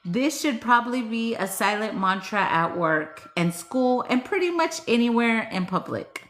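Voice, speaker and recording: Young woman vlogging, slow easy drawl, laughs all the time, swears a bunch. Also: a little high, animated, fairly bright tone, soft background music. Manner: laughs often, swears freely, playful. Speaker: vlogger reading cards and chatting with viewers. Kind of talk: casual chat.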